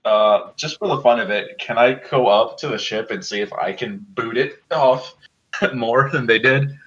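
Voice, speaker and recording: Playful, laughing man with a husky voice. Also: medium pitch, measured pace, fairly bright tone, dull audio. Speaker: player. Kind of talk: tabletop game play.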